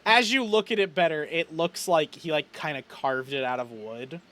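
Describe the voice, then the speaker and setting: A man's voice: fairly high pitch, moderate pace, a bit bright. A man narrating as game master in a casual, rambling way, with many fillers.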